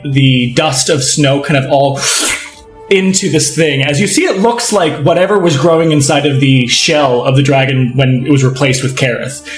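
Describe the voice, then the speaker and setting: A man's voice: fairly high pitch, reverberant. A man running a tabletop game as game master, narrating in a rambling way full of fillers and laughs.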